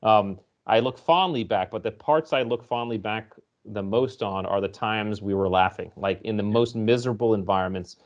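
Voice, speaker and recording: Low-voiced man telling stories, muffled audio. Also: normal speed. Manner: storytelling, explanatory, animated when recounting. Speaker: guest author. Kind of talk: conversational interview.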